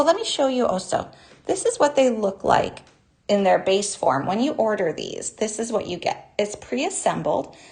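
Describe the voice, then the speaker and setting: Bubbly woman with a high, gravelly voice. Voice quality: naturally high voice. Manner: bubbly and chatty, greeting viewers by name. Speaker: jewelry-making class host. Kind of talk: live online craft demonstration.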